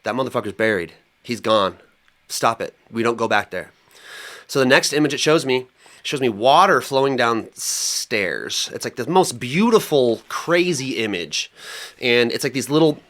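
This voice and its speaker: Animated young man telling a story. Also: medium pitch, moderate pace. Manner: animated, colloquial storytelling with many fillers. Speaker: podcast co-host. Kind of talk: casual chat.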